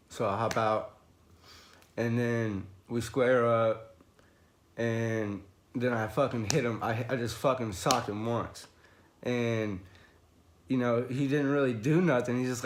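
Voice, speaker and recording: A young livestream host with a lowish voice tells a long, rambling story on a casual stream, swearing heavily and filling every pause with "you know." He laughs often and gets loud reliving a fight, with slight background noise behind him.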